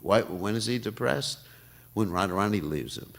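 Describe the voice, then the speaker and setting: An older man gives a morning class in a low, gravelly voice. He talks in a lively, swinging way, laughing often as he explains. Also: normal speed. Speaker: temple class speaker. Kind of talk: sermon. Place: temple hall.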